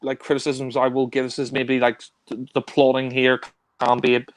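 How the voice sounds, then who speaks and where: A man's voice: mid-range voice, completely flat delivery, moderate pace. A man casually reviewing spy films, rambling with many fillers and restarts. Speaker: film reviewer. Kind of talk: casual film discussion.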